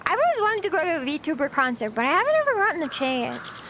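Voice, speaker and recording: A woman's voice: high-pitched, very animated, quick pace, a bit bright, a little hiss or hum. A young American woman chatting casually on a live stream, giggly and bubbly, reading and answering chat. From United States. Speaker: VTuber streamer.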